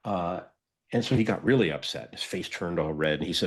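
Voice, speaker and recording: A man co-hosting a podcast, telling a story in a casual, animated way and acting out the dialogue. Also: low voice, a little fast, slightly rough. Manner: animated, acts out quoted dialogue. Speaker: podcast co-host.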